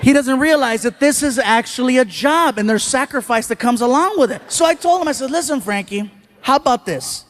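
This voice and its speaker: High-voiced animated stand-up comedian man. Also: fairly quick. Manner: animated storytelling, acting out the people he quotes. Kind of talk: stand-up storytelling. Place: comedy stage before a live audience.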